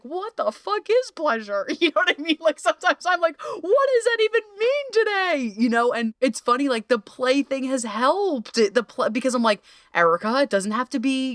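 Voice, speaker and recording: Animated, swearing woman podcast host. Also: a little high, no room sound, studio quality. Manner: animated, swearing, quoting herself in playful voices. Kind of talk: casual conversational interview.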